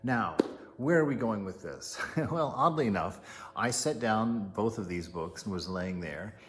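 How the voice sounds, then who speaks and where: A man giving a casual spiritual teaching, retelling a legend as an animated storyteller. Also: lowish voice, measured pace. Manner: animated storyteller, chuckling asides.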